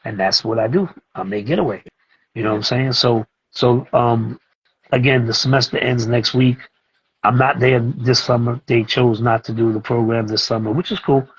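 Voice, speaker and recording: A middle-aged man, a music producer and teacher talking as a guest in a casual interview, telling animated stories and acting out what others said. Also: mid-range voice, normal speed, breathy edge, highs cut off. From Brooklyn, New York. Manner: animated, acts out other people's lines as he tells a story.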